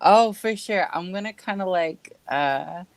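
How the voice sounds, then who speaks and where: A woman playing in a tabletop game, excitable and animated as she talks. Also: lowish voice, a little slow, no echo. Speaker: player.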